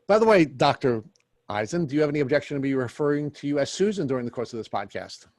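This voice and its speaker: A man's voice: medium pitch, big pitch swings, quick pace, dry recording, studio quality. Courteous man hosting a podcast interview. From Long Island, New York. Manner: courteous, formal questioning. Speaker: podcast co-host. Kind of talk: interview questions.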